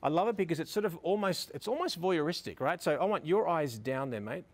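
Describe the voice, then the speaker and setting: A man with a slightly higher voice than most men leads a photo shoot outdoors beside a building. He is middle-aged and coaxes his models with constant praise. His tone stays upbeat and encouraging as he explains each step. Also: expressive, a little fast. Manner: upbeat, coaxing, lots of praise. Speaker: photography instructor. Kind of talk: on-location teaching, directing models.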